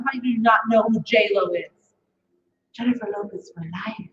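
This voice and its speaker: A woman emcee with a fairly high voice, bouncing through her stories and breaking into shouts. The sound is roomy and echoey, with a slightly dull, muffled tone. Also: a little fast. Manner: animated storytelling with sudden shouts. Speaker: show host. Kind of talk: emcee banter at a comedy club.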